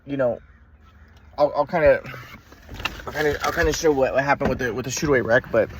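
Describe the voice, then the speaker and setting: A man's voice: mid-range voice, fairly quick. A man telling a story from his youth in a casual monologue, rambling with many repeats and restarts as he demonstrates moves. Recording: clear background noise.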